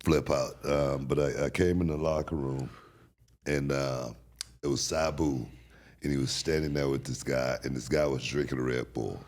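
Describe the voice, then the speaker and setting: Podcast guest: middle-aged man from Texas, very low voice, animated storyteller who stumbles and laughs big. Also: normal speed. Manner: animated, repeats words and restarts, laughs loudly. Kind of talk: casual storytelling.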